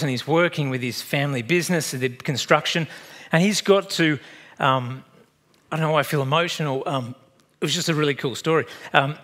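A man preaching a sermon in a conversational, animated way, acting out little dialogues and turning emotional at times. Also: a little high. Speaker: pastor. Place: church.

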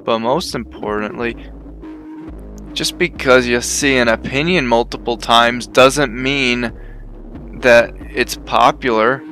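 A sarcastic man delivers a profane, exaggerated comedic commentary. He speaks slowly at a middle pitch. Clear music runs under his voice. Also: fairly even intonation, bright, forceful tone. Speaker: video essayist.

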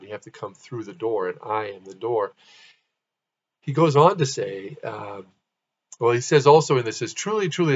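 A man talks through a Bible teaching in a loose, conversational way, stopping to restart and fix his own words. His voice sits at an ordinary middle pitch. The recording sounds a little dull and lo-fi. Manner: conversational, restarts and corrects himself.

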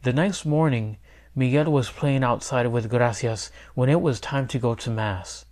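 A man, a teacher, reading a children's picture book aloud in clear, steady storytelling. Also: mid-range voice, a little slow. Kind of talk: children's read-aloud narration.

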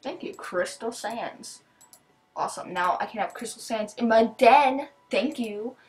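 A teenage girl chatting casually as she opens gifts, excitable, gasping and thanking over and over. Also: fairly high pitch, measured pace, soft background music. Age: teens. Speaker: vlogger opening gifts. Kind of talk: casual chat.

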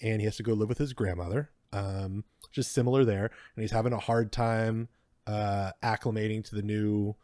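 Relaxed male co-host, lowish voice, wry asides, dry sound. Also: normal speed, no echo. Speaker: podcast co-host. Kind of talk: casual podcast chat.

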